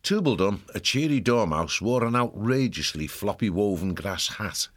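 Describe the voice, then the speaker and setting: A man narrates a storybook in a steady, measured way. His voice sits very low. He carries the story calmly from scene to scene.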